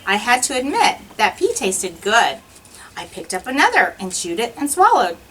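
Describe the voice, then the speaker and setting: Lively, bright-voiced woman reading a story aloud. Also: on the high side, moderate pace, far from the mic, a little hiss or hum, low-quality recording. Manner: expressive, sing-song rhyming delivery. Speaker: teacher. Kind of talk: reading a rhyming picture book aloud.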